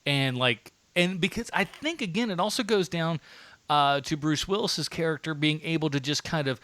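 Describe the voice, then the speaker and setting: A man chats casually on a movie podcast, his voice bright and close to the mic with no room sound. He stops and restarts often and laughs easily. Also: on the high side, dry recording. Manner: halting, many restarts and fillers, laughs often. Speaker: podcast co-host. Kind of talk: casual movie-review chat.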